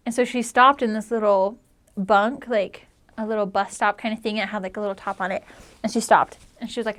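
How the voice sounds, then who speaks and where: A woman's voice: on the high side, steady tone, brisk, fairly bright tone. Earnest young woman telling a story. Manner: chatty, heavy use of "like", earnest. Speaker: returned missionary. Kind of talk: personal storytelling.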